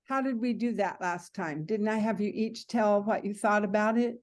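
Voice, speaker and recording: A woman teaching a writing class over a video call, casual and halting as she leads the discussion. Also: medium pitch, darkish tone.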